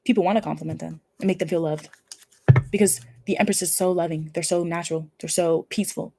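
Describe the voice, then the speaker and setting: A woman's voice: on the low side, fairly even intonation, fast, creaky, mellow. A woman giving a casual pick-a-card tarot reading, effusive and emphatic, with casual swearing. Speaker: tarot reader.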